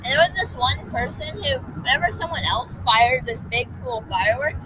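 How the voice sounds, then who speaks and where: A groggy woman co-hosting a casual family podcast with her son, animated and giggly with lots of ums. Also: sits high, normal speed, noisy background. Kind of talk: casual family chat and storytelling.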